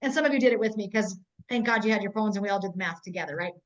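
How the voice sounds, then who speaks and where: A woman's voice: medium pitch, rapid-fire. A woman in her forties giving a blunt, emphatic tough-love business training over a video call. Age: 40s. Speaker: network marketing trainer. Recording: dull, muffled video-call audio.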